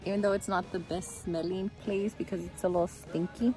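A woman's voice: fairly low pitch, fairly even intonation, brisk, over music. A young woman chatting casually as she films a hike outdoors, easygoing and narrating what she sees around her. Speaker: vlogger on a honeymoon hike. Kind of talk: casual vlog chat. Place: outdoor nature trail by a creek.

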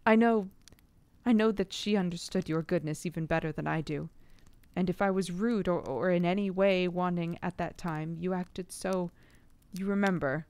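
A woman's voice: fairly low pitch, moderate pace, a little mellow, clear, resonant tone, no echo, lightly acted. A woman voicing a grief-stricken young nobleman, earnest and pleading, in a read-aloud storybook. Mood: grateful.

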